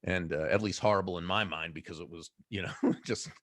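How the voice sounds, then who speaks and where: This deep-voiced, middle-aged man talks a little fast, a faint Boston accent coloring his speech. As a guest on an interview, the author and sales speaker spins lively stories, often breaking into laughter. The sound is dry and clean, like a studio.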